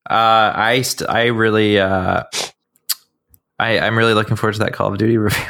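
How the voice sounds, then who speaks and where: A man's voice: on the low side, steady tone, moderate pace, vocal fry, pushed and bright, no echo, studio quality. A man co-hosting a gaming podcast, chatty with stumbling restarts. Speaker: podcast co-host. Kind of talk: casual gaming podcast chat.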